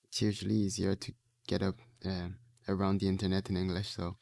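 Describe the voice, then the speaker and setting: A French-speaking man from Quebec with a Quebec French accent, chatting casually on a live stream while drawing and thinking aloud in halting phrases full of fillers. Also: deep voice, monotone, vocal fry, a little mellow, no room sound, clean studio sound.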